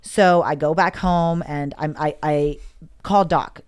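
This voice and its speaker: A slow, low, clear and resonant female voice carries this candid personal story told as a podcast guest. Emotion runs through it, and she often performs what others said in lively voices, casual interview style.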